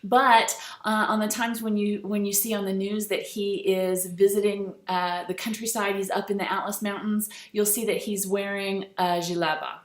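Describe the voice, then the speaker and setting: A woman's voice: mid-range voice, normal speed, hardly any pauses. Chatty woman teacher in an echoey room. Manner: relaxed, chatty, with many fillers. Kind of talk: recorded lecture over slides.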